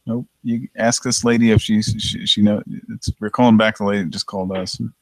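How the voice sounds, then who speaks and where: Gravelly low-voiced man, dry sound, joking prank-show co-host. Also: fairly even intonation, fairly quick, dry recording, poor audio. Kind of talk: casual chat.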